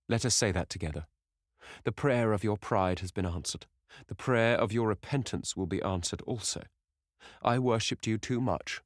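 A man's voice: no room sound, clean studio sound. A man voicing an anguished middle-aged male painter who cries out in horror and pleads. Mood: pleading. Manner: shrill, horrified exclamations.

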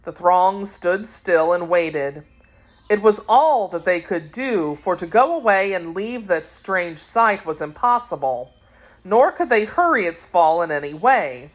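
A woman reading a children's storybook aloud as an audiobook narrator, with expressive delivery. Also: fairly low pitch, unhurried. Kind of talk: scripted narration.

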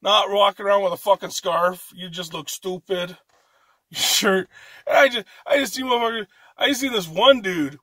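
A man's voice: sits high, moderate pace, a bit bright, dry recording. A man from Canada doing an amateur stand-up comedy set, ranting profanely in a rambling way and restarting his sentences often.

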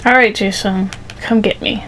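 A woman's voice: medium pitch, fairly even intonation, normal speed, fairly bright tone, slight background noise, poor audio. A woman chatting casually while playing a video game, laughing often mid-sentence. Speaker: gamer streaming with a friend. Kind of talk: casual gaming chat.

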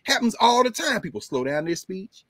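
Animated man with lively, dry-voiced commentary. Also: high-pitched, moderate pace, no echo. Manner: animated, emphatic, switches into colloquial talk. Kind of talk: lecture-style commentary.

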